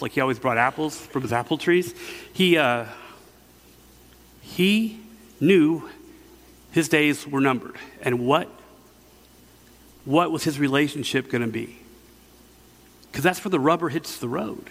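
A man's voice: a little high, animated, a little slow, long pauses. Middle-aged guy preaching, chatty, lots of ums and restarts, big echoey church. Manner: casual storytelling with many fillers and restarts. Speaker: pastor. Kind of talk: conversational sermon. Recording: long hall reverb.

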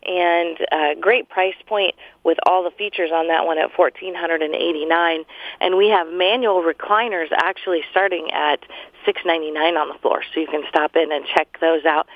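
A woman, a store owner giving a friendly sales pitch in a promotional interview, listing products and prices. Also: normal speed, no room sound. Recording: phone line, very dry.

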